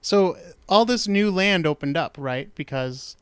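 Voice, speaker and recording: A man's voice: on the high side, expressive, a little slow, smooth, no echo. A man hosting a true-crime talk show, telling the story in a rambling, jokey way and correcting himself as he goes. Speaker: podcast host. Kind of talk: casual true-crime chat.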